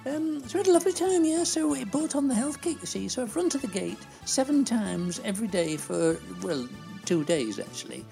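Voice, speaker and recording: A woman's voice: on the high side, sing-song, a little fast, creaky, hardly any pauses, warm tone, faint music behind. A woman playing a gossipy, bossy older lady who muddles her words and scolds the host. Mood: rambling. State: out of breath.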